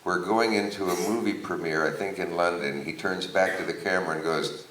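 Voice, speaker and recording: A man's voice: sits low, a little fast, fairly bright tone, a little hiss or hum. A man interviewing a guest on a theater stage, asking questions with wry, dry jokes. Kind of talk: onstage interview with a live audience. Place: theater stage before an audience. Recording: echoey theater, distant mic, audience.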